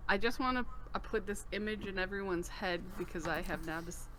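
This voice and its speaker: A woman's voice: medium pitch, fairly quick, pushed and bright, poor audio. A woman playing a tabletop game, describing her moves with amused laughs. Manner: amused, laughs between words. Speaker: player. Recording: clear background noise.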